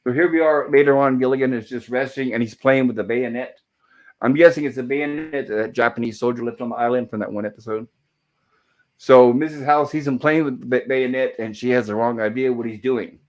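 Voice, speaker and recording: A man's voice: mid-range voice, steady tone, fairly quick. A man hosting a show, recapping sitcom episodes over slides in a loose, apologetic way, with many fillers and self-corrections. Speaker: host reviewing episodes of an old TV sitcom.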